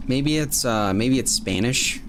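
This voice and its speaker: A man's voice: mid-range voice, unhurried, a bit bright, slight background noise. A young man hosting a gaming stream, firing back jokes and self-mocking comebacks in casual banter. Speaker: streamer host.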